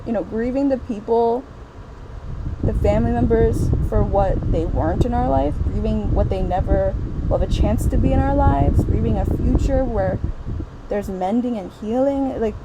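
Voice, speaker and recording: A woman with a slightly high voice talks through a book review in a loose, rambling way. She circles back on her own thoughts with plenty of "like" and "you know." A clear air-conditioner hum runs under the whole recording. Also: moderate pace. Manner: rambling and emphatic, with many fillers. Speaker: book vlogger. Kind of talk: casual book review chat.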